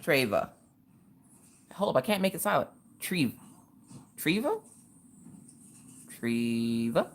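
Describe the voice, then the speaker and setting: Woman, livestream host, chatty and casual, very lively pitch, calls out viewers by name. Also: slow pace, long pauses, a little hiss or hum. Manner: animated, greets viewers in the chat by name. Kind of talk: casual livestream chat while crafting.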